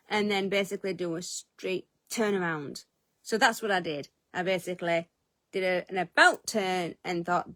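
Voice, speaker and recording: A woman's voice: medium pitch, fairly bright tone, no room sound. Chatty self-mocking woman vlogger. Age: adult, eldest of three siblings. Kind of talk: casual storytelling.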